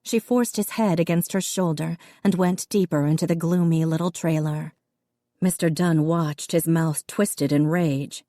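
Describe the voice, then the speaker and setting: A woman with a deep voice narrates an audiobook from a script, reading in an even, measured way. The recording is dry and studio quality.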